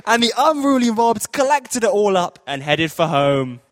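Playful male storyteller for a church kids' story, high animated voice, dry sound. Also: moderate pace, no echo. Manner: playful, jokey asides. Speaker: children's story teller in church. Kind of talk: lively read-aloud storytelling.

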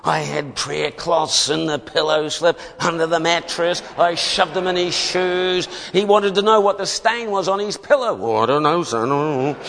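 A man preaches a testimony sermon. He tells it as an emphatic story in a voice on the higher side. A long reverb from a large hall hangs on every phrase. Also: flat delivery, measured pace, vocal fry, few pauses, a bit bright. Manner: storytelling, emphatic, often laughing.

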